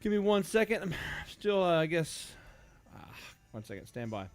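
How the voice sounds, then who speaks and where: A man runs a live toy sale from his store in a casual, chatty livestream manner, greeting his viewers by name. His voice sits a little high for a man, and the sound is dry and close. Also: sing-song, moderate pace, no room sound.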